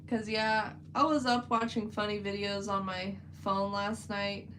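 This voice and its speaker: A chatty woman with a drawl talks loosely to her stream chat as she paints, filling her sentences with "like." Her voice sits at a middle pitch, and a faint hum runs underneath. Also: flat delivery, a little slow, a bit bright, rough recording. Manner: chatty, rambling, many "like" fillers. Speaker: livestream host. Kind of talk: casual livestream chat while painting.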